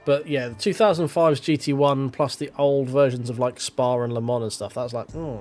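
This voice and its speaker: A man's voice: medium pitch, fairly even intonation, normal speed, hardly any pauses, darkish tone, faint music behind. A man chatting loosely to his stream while driving a racing sim, thinking aloud and swearing casually. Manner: rambling, self-talking, casual swearing. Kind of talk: live gameplay commentary.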